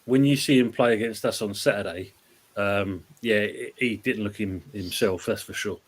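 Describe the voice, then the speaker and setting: A man's voice: on the low side, moderate pace, slightly rough. A man hosting a casual football chat show, reading viewer comments aloud in a laid-back way. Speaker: podcast host reading live chat.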